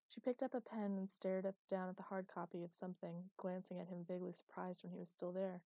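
A woman narrating a novel as an audiobook, in an even, unhurried storytelling manner. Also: fairly low pitch, no echo. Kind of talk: scripted narration.

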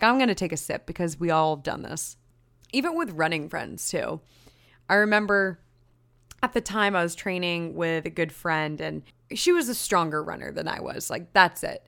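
A woman's voice: on the low side, vocal fry, fairly bright tone. Chatty woman hosting a running podcast. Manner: chatty, self-mocking, rambling into side stories. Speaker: podcast host. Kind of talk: casual solo podcast chat.

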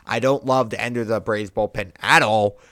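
Animated young man in dry sports chat. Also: moderate pace, no echo. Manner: animated, jumps in pitch and loudness for emphasis. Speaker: podcast co-host.

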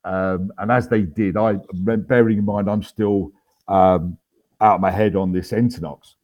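A man's voice: low voice, fairly even intonation, unhurried, muffled recording. A man in his fifties, an army veteran guest, telling his story in a casual interview with wry humour and many ums and restarts.

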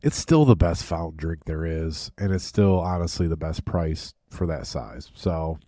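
A man's voice: very deep voice, expressive, a little slow, dark tone, dry recording, studio quality. A man in his thirties with a Michigan accent, co-hosting a podcast in easygoing casual chat. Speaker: podcast co-host.

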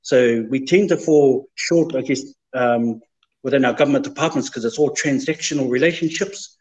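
A man, a guest in an interview, speaking in a measured, thoughtful way and mixing te reo Māori words into his English. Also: medium pitch, a little mellow. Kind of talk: reflective interview talk. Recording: slightly dull, lo-fi sound.

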